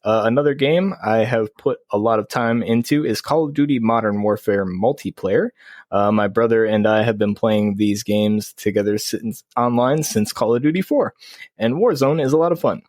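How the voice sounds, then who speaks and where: A man's voice: normal speed, dry recording, studio quality. A man co-hosting a podcast over a video call, chatting casually, laughing often and reading out listener messages. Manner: laid-back, laughing often, lively pitch. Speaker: podcast co-host.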